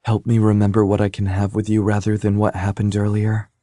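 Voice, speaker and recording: A man voicing a shaken young woman in an audiobook, speaking earnestly and softly. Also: lowish voice, monotone, fairly quick, no echo, clean studio sound, voice pushed up, natural voice. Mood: shaken, tender. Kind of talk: audiobook character voice.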